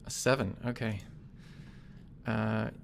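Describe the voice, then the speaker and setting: A man narrating as game master and podcast host, relaxed and chuckling as he goes. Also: on the low side, slow pace, vocal fry, slight background noise.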